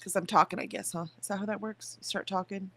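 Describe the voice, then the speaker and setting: A woman talks in a loose, rambling way to her livestream chat. Her pitch sits in the middle for a woman. She chats casually about her morning. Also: steady tone, fast, pushed and bright. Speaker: livestream host.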